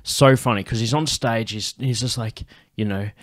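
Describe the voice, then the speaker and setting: A man's voice: medium pitch, normal speed, a bit bright, no room sound, clean studio sound. A man hosting a podcast, telling a story in casual chat, swearing and laughing, and acting out quotes. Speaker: podcast host.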